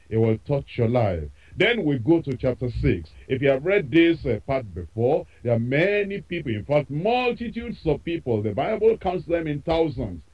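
Male radio preacher, emphatic and repetitive, animated pitch, lo-fi broadcast sound. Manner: emphatic, repeats phrases for effect. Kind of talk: sermon.

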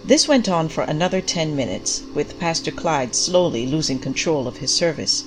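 A woman with a notably low voice reads a story aloud in a measured, even way. Faint music plays softly behind her narration. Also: poor audio.

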